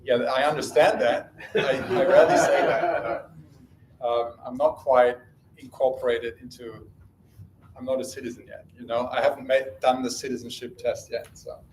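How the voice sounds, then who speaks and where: A man speaks at an even middle pitch from a stage in an echoey hall. He talks casually, restarting sentences and dropping fillers as he goes. A faint hum of room ambience sits behind him. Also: moderate pace. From Germany. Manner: casual, self-correcting, frequent fillers and restarts. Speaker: conference speaker. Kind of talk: live tech talk. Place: conference room.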